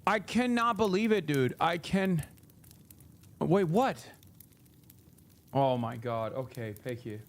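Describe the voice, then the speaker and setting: A man's voice: on the high side, lively intonation, slow pace, pauses often. A man hosting a live stream, ranting in an angry, profane way and repeating phrases for emphasis. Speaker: streamer host.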